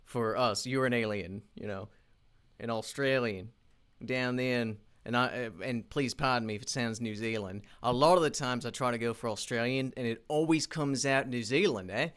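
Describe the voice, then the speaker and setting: A man's voice: medium pitch, normal speed, a bit bright, smooth. A man recording a casual work vlog, thinking aloud as he animates, rambling with frequent restarts and fillers. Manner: thinking aloud while working. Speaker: independent animation creator.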